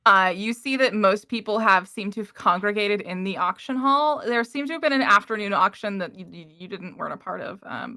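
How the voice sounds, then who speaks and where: Woman game master, rambling narration, bright voice, middle pitch. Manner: rambling, many fillers like "like" and "um".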